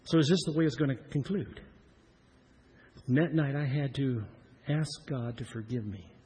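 A pastor from Iowa preaching a personal story in an earnest, repetitive style that grows louder at its points. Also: male voice, mid-range voice, normal speed, breathy edge. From Iowa, USA.

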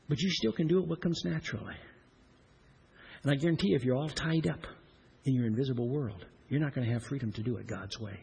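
A middle-aged man preaching a sermon, swinging between loud emphatic lines and hushed, slowed-down ones. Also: mid-range voice, gravelly, slightly rough, low-quality recording. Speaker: pastor.

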